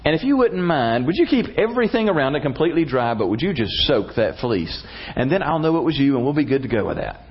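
A man's voice: medium pitch, sing-song, quick pace, few pauses, slightly rough, muffled recording. A man voicing Gideon as a doubtful, nervous young man who hesitantly bargains for proof. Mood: nervous pleading.

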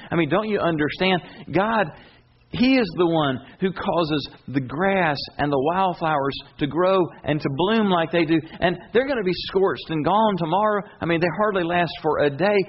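A man preaching a sermon, telling a story with animated swings between high emphatic bursts and low intense asides. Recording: dull lo-fi sound with faint hiss.

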